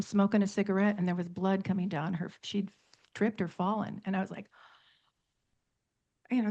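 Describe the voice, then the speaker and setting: A woman's voice: medium pitch, a little mellow, highs cut off. A middle-aged woman teaching about temperaments on a radio talk show, emphatic, stringing words into long lists and repeating points for stress.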